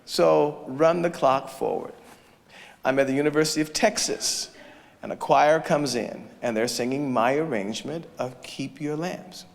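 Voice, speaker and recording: A man's voice: on the high side, measured pace, creaky. A man giving a storytelling lecture as a choral conductor, acting out the voices of people he quotes. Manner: animated storyteller who acts out quoted voices. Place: large lecture hall or church indoors. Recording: long reverb of a large hall.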